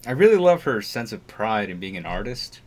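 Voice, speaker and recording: Male co-host with a lowish voice, casual and halting. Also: very animated, a little mellow. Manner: halting, lots of "like". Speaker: podcast co-host. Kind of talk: casual podcast chat.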